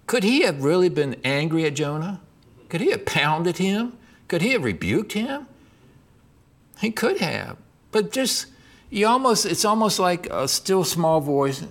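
A middle-aged man preaches slowly in a voice that sits high, reading scripture aloud. His delivery is expressive as he speaks God's lines and addresses questions to those listening.

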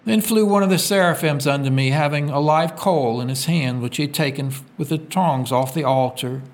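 A man preaching a sermon, reading scripture aloud and asking his listeners to fill in the words. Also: moderate pace. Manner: call-and-response questions, reads scripture aloud; swings from loud emphatic peaks to quiet low drops.

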